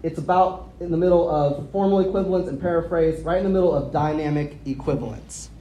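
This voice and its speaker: A woman preaching a teaching sermon, her pitch moving a lot as she explains. She walks her listeners through the text and checks in with them through questions. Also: a little mellow. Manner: explanatory, asks the audience questions; spells out Greek words slowly. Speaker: pastor.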